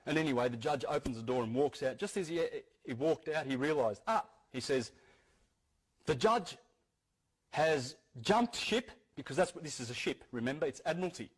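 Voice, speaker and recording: This man talks fast with few pauses, his mid-range voice carrying a breathy edge. Addressing an audience in lecture style, he is earnest and frequently restarts sentences while repeating key phrases.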